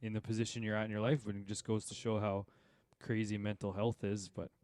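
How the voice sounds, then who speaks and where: A man's voice: on the low side, little pitch movement, fairly quick, a little mellow, smooth, no room sound. Man, golf podcast co-host, casual chat, dry close sound. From Saskatchewan, Canada.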